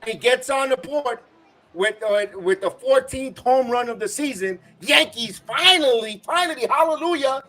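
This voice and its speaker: A man's voice: very high-pitched, measured pace, pushed and bright. A man hosting a live baseball watch-along, ranting and cursing as an irate fan giving game reaction commentary.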